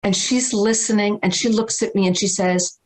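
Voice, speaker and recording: A middle-aged woman from Massachusetts, telling an earnest, animated story as a guest teacher on a video call. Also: mid-range voice, normal speed, slight background noise, low-quality recording. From Massachusetts, USA. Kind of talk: storytelling in a livestream talk.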